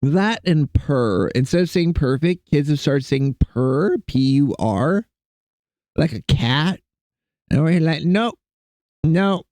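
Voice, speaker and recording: Young male streamer, lively rambling jokey chat at his home desk, dry close desk mic. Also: fairly high pitch, takes it slowly, no room sound. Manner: rambling, joking, chatting to his cats. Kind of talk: casual live-stream chat.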